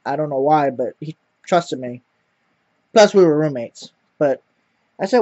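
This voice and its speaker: A man's voice: on the high side, expressive, normal speed, mellow, no echo. A man telling a rambling personal story to camera, repeating words and swearing often. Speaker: vlogger. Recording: dull lo-fi dry sound.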